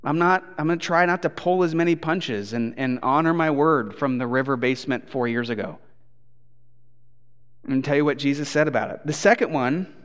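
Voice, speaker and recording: In a church auditorium, a pastor in his thirties preaches with a fairly high, clean voice at a moderate pace, a long ringing reverb trailing it. His storytelling is animated, and he slips into imitating his toddler's replies.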